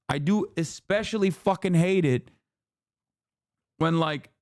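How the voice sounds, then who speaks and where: A male streamer rants with mounting heat, swearing through nearly every sentence. His voice sits fairly high for a man. The mic is close and dry, with no room sound. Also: a little mellow, no echo. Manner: profane, heated, ranting. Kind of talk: casual reaction rant.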